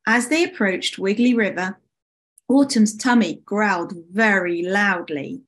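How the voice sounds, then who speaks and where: Slow, expressive woman storyteller. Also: medium pitch. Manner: warmly animated, inviting children to join in. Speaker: author reading her picture book. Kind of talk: expressive read-aloud to schoolchildren.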